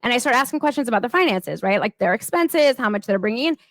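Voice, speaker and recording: A woman's voice: a little high, lively intonation, fast, fairly bright tone, no echo. A woman in her thirties giving a casual motivational talk as a coach, chatty and peppered with "like" and "right?".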